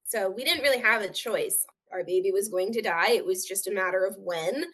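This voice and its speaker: This woman speaks a little fast in a medium-pitched, husky voice with a fairly bright tone. As a guest in an interview, she recounts a painful experience earnestly and openly, often performing the voices of the people she quotes.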